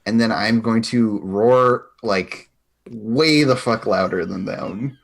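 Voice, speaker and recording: A man's voice: fairly low pitch, slow, creaky. A man playing a tabletop game, talking loosely with many fillers as he explains his character's moves. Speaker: player.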